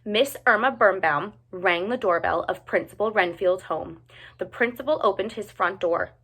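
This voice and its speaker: A woman reading a picture book aloud with expressive, animated narration. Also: fairly low pitch, a little slow. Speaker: storyteller.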